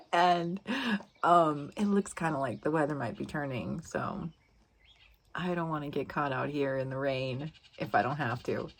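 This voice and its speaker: A woman hosting a casual vlog outdoors in a marshy refuge, talking into a handheld camera with giggly, gushing excitement. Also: deep voice, unhurried, pauses often, slight background noise. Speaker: vlog host. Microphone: handheld camera at arm's length.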